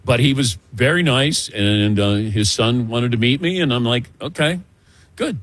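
An older man hosting a casual sports talk show, telling animated stories and laughing often. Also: medium pitch, measured pace, dry recording. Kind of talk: casual sports radio chat.

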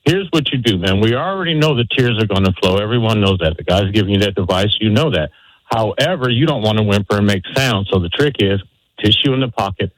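Brief: middle-aged male caller, lowish voice, folksy and earnest, dry sound. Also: animated, fast talker, dry recording, poor audio. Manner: folksy, earnest, gives fatherly advice. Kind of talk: phone-in advice.

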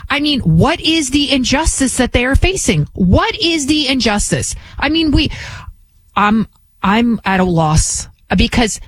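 Woman, political commentary host, rhetorical questions, lively swinging pitch, dry close sound. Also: no echo. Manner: animated, fires rhetorical questions, frequent restarts.

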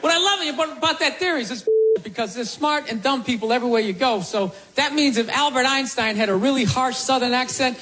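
A man doing a stand-up comedy routine in a club, animated and mocking. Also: very high-pitched, a little fast. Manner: animated, mocking put-on voices. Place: comedy club with a laughing crowd. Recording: live club recording, loud crowd.

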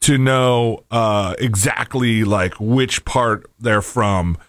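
A man's voice: lowish voice, takes it slowly, no echo, studio quality. A man co-hosting a talk show, rambling and hesitant in casual chat with many fillers. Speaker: co-host.

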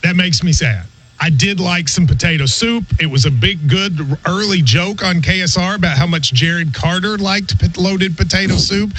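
Radio host, male, high lively voice, husky edge, casual chat. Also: low-quality recording. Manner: animated, quick to laugh.

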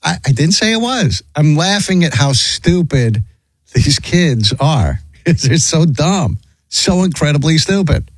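Chatty radio host with a lively voice. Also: male voice, a little high, slow, slightly rough, no echo. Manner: rambling, chuckling, filler-heavy. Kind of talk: talk radio chat.

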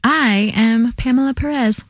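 A woman's voice: fairly high pitch, a little slow, dry recording, studio quality. Chatty, giggly young woman. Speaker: radio show guest co-host. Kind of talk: casual chat.

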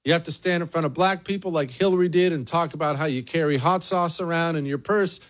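A man's voice: fairly high pitch, fast, a bit bright. A man hosting a political commentary show, talking in an emphatic, mocking monologue. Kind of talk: opinionated monologue.

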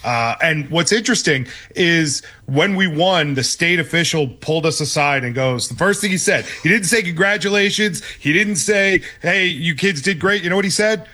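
A man on a sports radio show, loud and animated as he tells a story about his kid. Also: fairly high pitch, moderate pace, few pauses. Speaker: radio show regular calling in. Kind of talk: casual sports radio chat.

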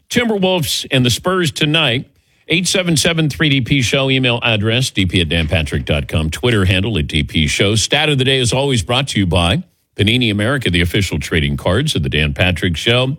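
A man's voice: mid-range voice, fairly bright tone, dry recording, studio quality. An older man hosting a sports radio show, an easygoing, rambling storyteller. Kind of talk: casual sports talk show.

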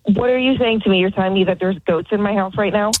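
A woman's voice: medium pitch, fast, no room sound. A woman on a phone call, confused and stammering, repeating her words. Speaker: prank call target.

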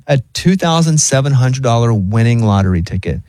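Male radio host, mid-pitched, casual and jokey, dry studio mic. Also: lively intonation, brisk, a little mellow, dry recording. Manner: chatty and joking, reads items then riffs. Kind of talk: casual chat, reading news stories.

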